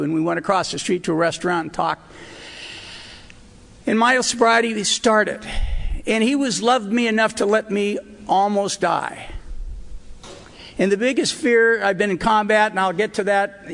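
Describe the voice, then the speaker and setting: A man's voice: sits high, gravelly, a bit bright. An older man sharing his personal recovery story at a meeting, earnest and emotional, with wry asides. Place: hotel meeting hall. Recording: reverberant hall recording.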